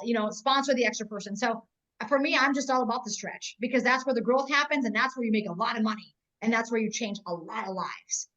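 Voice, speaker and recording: High-pitched woman in her forties, blunt tough-love sales trainer, muffled video-call sound. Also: sharp tone. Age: 40s. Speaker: network marketing trainer. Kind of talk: motivational business training.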